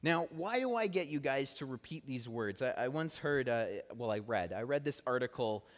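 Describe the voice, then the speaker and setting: A man's voice: medium pitch, expressive, moderate pace. A man preaching a conversational sermon in a church, earnest and chatty, drawing the congregation in to repeat words with him. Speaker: pastor. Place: church sanctuary. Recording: long church hall reverb.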